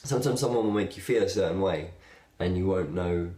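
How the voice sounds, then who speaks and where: A young man with a low, deep voice chats to his viewers in a relaxed, rambling way, full of "um"s and little laughs. He is recorded in a noticeably echoey room. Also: a little fast. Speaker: video blogger. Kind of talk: casual talk to camera.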